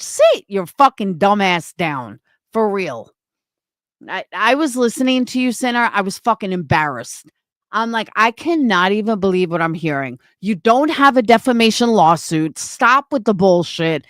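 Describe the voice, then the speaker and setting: A woman's voice: medium pitch, dry recording. A woman streamer delivering an angry, profane, confrontational rant on a livestream.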